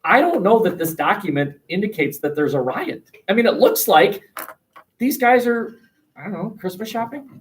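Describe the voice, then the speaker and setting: Animated male history teacher, distant mic. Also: high-pitched, normal speed. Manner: animated, acts out a joke with big voices. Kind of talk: classroom discussion. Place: classroom.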